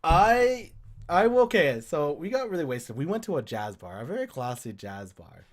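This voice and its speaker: A young Canadian podcast co-host with a fairly high voice at normal speed tells a rambling drinking story in casual chat. He's animated and swearing, acting out what people said in voiced quotes.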